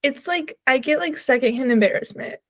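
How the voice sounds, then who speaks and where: A woman co-hosting a book podcast in casual chat, animated and quick to laugh, telling stories with many "like" fillers. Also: sits high, no room sound. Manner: animated, laughs often, filler-heavy storytelling. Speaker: podcast co-host. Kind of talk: casual chat about books.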